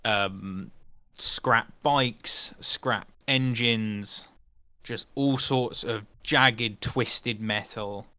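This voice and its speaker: Low-voiced man running a tabletop game. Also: pushed and bright, no echo. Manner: unhurried, searching for words. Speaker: game master.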